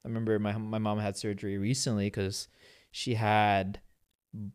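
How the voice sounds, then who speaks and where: A young man co-hosting a podcast who talks candidly in casual chat, often halting and restarting his sentences. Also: lowish voice, little pitch movement, clean tone. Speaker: podcast co-host.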